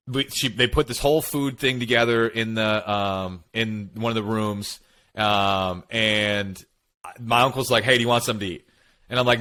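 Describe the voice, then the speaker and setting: A man co-hosting a podcast, telling personal stories in casual chat and acting out what he and others said. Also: on the low side. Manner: animated storytelling, quotes himself and others. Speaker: podcast co-host.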